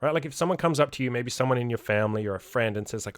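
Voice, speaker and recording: A man's voice: mid-range voice, very fast, smooth, no echo, clean studio sound. Blunt, profane male podcast coach. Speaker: self-improvement coach. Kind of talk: podcast monologue.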